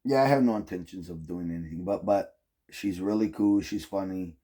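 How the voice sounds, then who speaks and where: Swearing freely and leaning on "like" and "um," a middle-aged man rambles through a casual story for his vlog. He has a deep, warm voice at normal speed.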